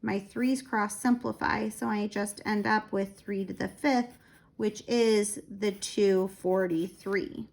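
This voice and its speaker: A woman, tired and a little out of breath, slowly explaining a math lesson step by step with fillers. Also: mid-range voice, gravelly. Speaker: math teacher.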